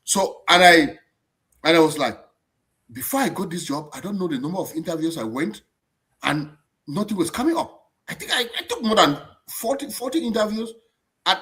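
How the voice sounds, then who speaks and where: Guy hosting a live stream, bright voice, bouncy pitch, keeps restarting his sentences. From abroad, not German-born. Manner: animated, repeats words and restarts often. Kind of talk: casual live-stream chat.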